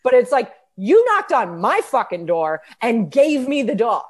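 A woman guest on a casual chat podcast, telling a story in a heated, profane and animated way. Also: a little high, a little slow, slightly rough. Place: New York.

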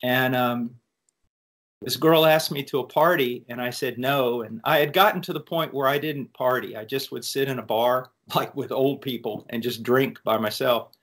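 An American man speaks as a preacher at a student Q&A, recounting his testimony with an earnest, reflective manner. His voice sits at an ordinary pitch for a man, and he tells the story in a measured, sincere way. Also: fairly bright tone. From United States. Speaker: preacher answering student questions. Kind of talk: personal testimony in a Q&A.

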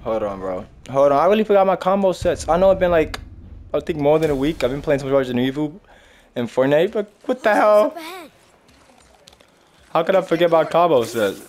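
A man's voice: on the high side, expressive, fast, darkish tone. Exasperated young man playing a game. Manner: frustrated, exclamatory, swearing. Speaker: gaming streamer. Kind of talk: casual gameplay commentary.

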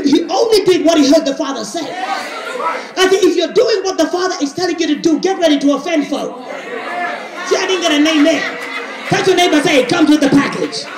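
A woman pastor preaching a fiery sermon with call-and-response, rising often into shouts. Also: very high-pitched. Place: church sanctuary with congregation. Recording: echoey church with crowd.

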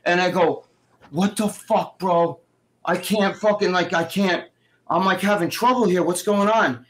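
A man's voice: high voice, measured pace, slight background noise. A middle-aged man casually telling stories on a live stream, swearing freely and acting out what other people said. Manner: profane, animated, acts out quoted dialogue. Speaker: guest co-host.

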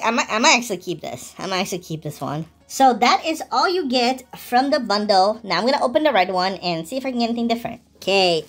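Bubbly, excitable woman unboxing toys. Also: mid-range voice. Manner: excitable, chatty, gasps and giggles, slangy. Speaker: channel host. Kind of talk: casual unboxing commentary.

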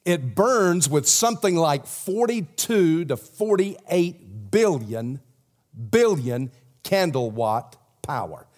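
A man with a Southern accent preaching a sermon as pastor, swinging from loud emphasis to a hushed prayer. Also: fairly high pitch, very animated, takes it slowly. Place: church sanctuary.

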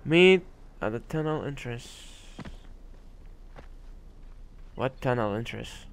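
A man's voice: mid-range voice, animated, a little slow, slight background noise. A man commenting on a video game as he plays, musing hesitantly with many fillers. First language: Arabic. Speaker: gamer. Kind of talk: let's play commentary.

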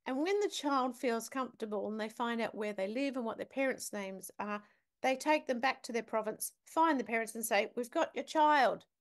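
A woman's voice: on the high side, normal speed. A woman, a guest on a talk show, telling a story vividly and emphatically and putting questions to the listener. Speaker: podcast guest, business academic. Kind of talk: storytelling in conversation.

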